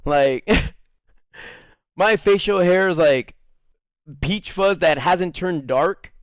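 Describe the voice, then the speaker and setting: A man's voice: high-pitched, slow, clean tone, no echo, clean studio sound. Rambling, laughing man telling a story. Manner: rambling, laughs often, curses, many "like" fillers. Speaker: streamer. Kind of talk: casual storytelling to a live chat.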